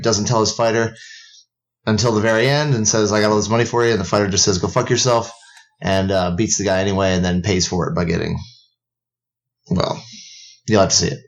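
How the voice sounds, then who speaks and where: A man's voice: on the low side, creaky. A man co-hosting a podcast in casual banter, laid-back, joking and swearing freely. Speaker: podcast co-host.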